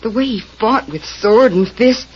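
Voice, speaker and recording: A woman's voice: fairly high pitch, measured pace, slightly rough. An actress playing a pleading, emotional young woman in an old radio drama. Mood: tender. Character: frightened young woman held captive. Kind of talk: 1930s radio acting. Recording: muffled old radio recording with hiss.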